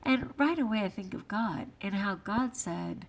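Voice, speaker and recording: A soft-spoken middle-aged woman reflects aloud in a relaxed vlog. Her voice has a gravelly, fry-tinged texture and sits at an ordinary pitch for a woman. At times her musing talk sinks into a hush. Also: measured pace. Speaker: vlogger; teacher.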